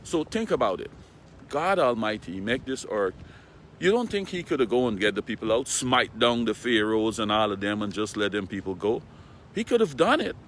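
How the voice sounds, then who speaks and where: A man's voice: on the low side, very animated, normal speed, fairly bright tone, a little hiss or hum. A man giving a casual morning Bible talk, retelling scripture in plain everyday words and often asking his listeners "right?". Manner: conversational, checks in with "right?". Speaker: preacher. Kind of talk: morning devotional Bible teaching.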